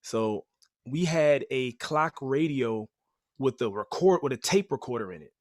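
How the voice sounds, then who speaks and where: A man's voice: medium pitch, measured pace, no echo. Chatty man telling stories, dry sound. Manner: animated, chatty, peppered with "like, you know". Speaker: podcast guest, rapper and teaching artist. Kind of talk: casual storytelling.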